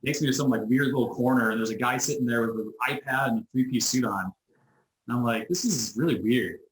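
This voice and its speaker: A man being interviewed over a video call, telling a story in a lively way, acting out the people he quotes and often restarting his sentences. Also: mid-range voice, fast. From United States. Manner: animated storyteller who acts out quoted voices, frequent restarts. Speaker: interview guest, business owner. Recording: roomy echo.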